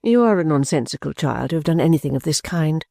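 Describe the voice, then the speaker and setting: A woman voicing a self-absorbed middle-aged mother who talks in a calm, clear, smoothly condescending tone, in an audiobook reading. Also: low voice, fast talker, dry recording, clean studio sound. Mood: serene, dismissive. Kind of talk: audiobook character voice.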